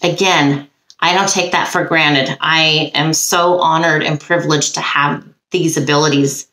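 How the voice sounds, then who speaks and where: Unhurried psychic medium woman, lowish voice, halting, lots of ums, reads notes aloud then comments, roomy echo. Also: fairly even intonation, pushed and bright. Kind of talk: solo video, reading case notes aloud with commentary.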